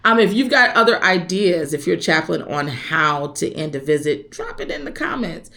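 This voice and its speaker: A woman's voice: on the low side, sing-song, normal speed, gravelly. A woman chaplain, chatting casually to viewers and giving practical advice. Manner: warm, conversational, speaks directly to viewers. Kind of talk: casual teaching vlog.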